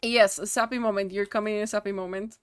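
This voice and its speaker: A woman live-streaming and chatting casually to her viewers, emotional and quick to laugh, swearing freely. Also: mid-range voice, steady tone, clear, resonant tone, dry recording, studio quality. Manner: talks to her chat directly. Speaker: livestream host.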